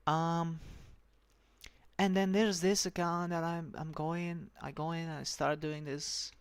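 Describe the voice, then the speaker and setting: A vlogger speaking in a slightly raspy feminine voice with a dry, sore throat, rambling and halting through a casual rant. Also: medium pitch, little pitch movement. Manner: halting, full of restarts and fillers, profane.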